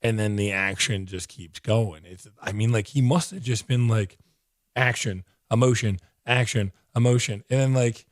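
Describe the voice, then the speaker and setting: An out-of-breath man whose voice is fading, reviewing a comic book in an excited, rambling way full of "like". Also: on the low side, normal speed, no echo, studio quality. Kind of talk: casual video review.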